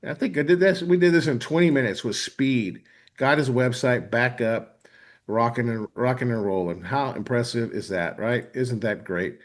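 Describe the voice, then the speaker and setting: A man hosting a live online webinar demo, talking with enthusiasm and often checking in with "right?". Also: mid-range voice. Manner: enthusiastic, frequent "right?" tags. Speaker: host.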